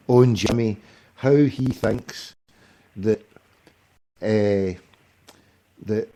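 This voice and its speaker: Man, phone-in host, blunt, bossy, mellow voice. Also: mid-range voice. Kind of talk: casual fan phone-in.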